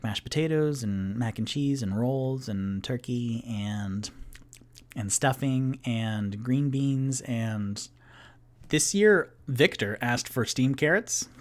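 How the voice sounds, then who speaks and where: Man as a patient, hesitant innkeeper; soft, stammering, lively lilt. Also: medium pitch. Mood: chatty. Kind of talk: solo tabletop role-play voicing.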